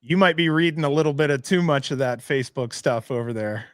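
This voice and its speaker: A man's voice: on the high side, brisk, a bit bright, no room sound, studio quality. A man chatting on a podcast, asking long rambling questions and laughing easily. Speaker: podcast guest. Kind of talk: casual podcast chat.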